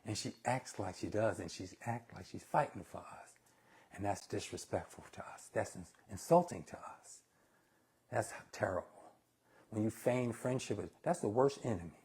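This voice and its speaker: A man's voice: on the low side, animated, moderate pace, vocal fry, a little mellow, husky. A man hosting a casual live cooking stream, talking bluntly and opinionated to viewers he calls y'all. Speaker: cooking show host.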